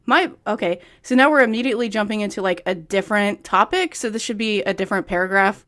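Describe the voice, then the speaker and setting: A woman's voice: medium pitch, expressive, fast, few pauses, fairly bright tone. A young woman reading a book aloud and breaking in with sarcastic, nitpicky commentary in a casual tone.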